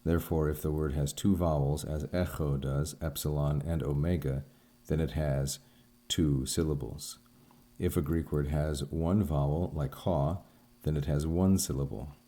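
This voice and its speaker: A man teaching a recorded language lesson, explaining sounds and syllables one by one in a measured, careful way. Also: rumbling low, fairly even intonation, mellow. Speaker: Greek teacher.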